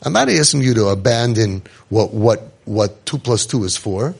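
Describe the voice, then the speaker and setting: Gravelly man giving a storytelling talk. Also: fairly low pitch, expressive, normal speed. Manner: joking, acts out quoted people. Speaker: inspirational speaker.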